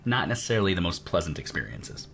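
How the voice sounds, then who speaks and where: A man running a tabletop game, his pitch swinging up and down as he narrates. He drops into quick voices for the people at the inn, with a faint hum of room ambience behind him. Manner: lively, shifts into character voices for townsfolk. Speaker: game master.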